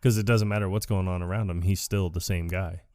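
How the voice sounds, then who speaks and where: A man's voice: low-pitched, fairly even intonation, darkish tone, no room sound, clean studio sound. A man co-hosting a podcast in casual chat, retelling scenes with frequent laughter. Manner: retells movie scenes with lots of laughter and quick quoted bits. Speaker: podcast co-host.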